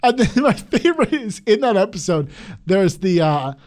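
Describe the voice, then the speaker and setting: A man's voice: high voice, normal speed. A young man co-hosting a podcast, retelling scenes in casual chat and swearing freely. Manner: animated storyteller, swears a lot. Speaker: podcast co-host.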